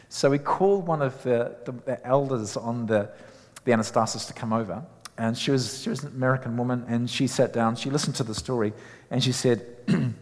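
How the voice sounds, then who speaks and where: A man preaches a sermon, chatty and full of stops and restarts as he tells stories. His voice sits at an ordinary pitch. It rings out in a hall with a long reverb. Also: steady tone, a little fast, darkish tone. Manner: conversational, many fillers and restarts. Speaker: chaplain and preacher.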